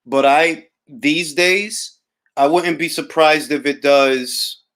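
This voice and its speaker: A man's voice: on the high side, slow pace, a bit bright. A young man from Harlem with a New York accent, hosting a casual boxing talk livestream and reading out viewer comments in a laid-back, wry, drawling way. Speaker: boxing talk host reading live chat.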